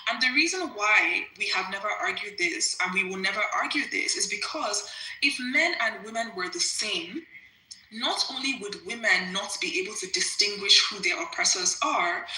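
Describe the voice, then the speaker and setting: A woman's voice: medium pitch, expressive, pushed and bright. Articulate woman debating, echoey room. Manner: articulate, measured, uses "like" and "right". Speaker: debate participant. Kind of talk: debate argument.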